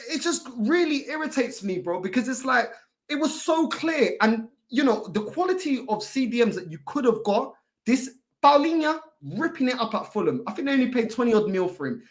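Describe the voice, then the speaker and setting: A woman's voice: high-pitched, very animated, a little fast. A woman hosting a fan channel, ranting in exasperation and firing off rhetorical questions. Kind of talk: heated football fan talk.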